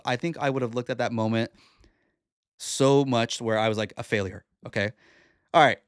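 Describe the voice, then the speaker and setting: A man in his forties, talking at a middle pitch, hosts his own podcast and tells a story casually. He rambles and restarts often, and his animated voice sits close and dry in a small room. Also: dry recording. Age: 40s. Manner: animated, rambling, with frequent fillers and self-corrections. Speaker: podcast host.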